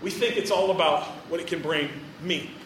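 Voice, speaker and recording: A man's voice: fairly high pitch, normal speed, fairly bright tone, roomy sound, far from the mic, slight background noise, low-quality recording. A man preaching a sermon in a chatty, joking storytelling way, full of fillers.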